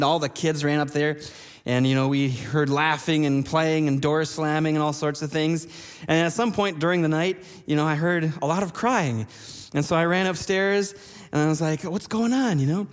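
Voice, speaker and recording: A man preaching a sermon, telling personal stories with self-deprecating humor. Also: on the high side. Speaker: pastor. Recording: long church reverb.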